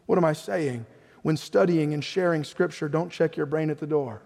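A man's voice: a little high, normal speed, vocal fry, a little mellow, long reverb tail. A man preaching a sermon as pastor, emphatic, often putting questions to the congregation. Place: church sanctuary.

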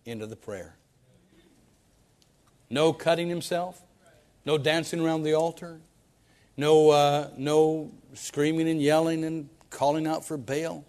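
A pastor preaching a sermon, reading Bible verses dramatically with folksy asides in between. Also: male voice, steady tone, unhurried, pauses often. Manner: dramatic Bible reading with wide swings in loudness and pitch.

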